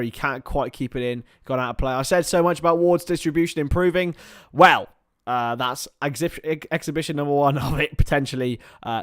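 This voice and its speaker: Hosting a live watchalong, this young commentator trades excited play-by-play of the match with chat to his viewers, sometimes slipping into mumbled, filler-laden asides. His mid-range voice has a clean tone, captured dry with clean studio sound.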